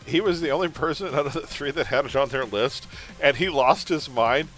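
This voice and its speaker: Here a gamer with a fairly high-pitched voice speaks fairly quickly, laughing a lot as he chats casually about old films. Faint music sits behind him on a rough recording.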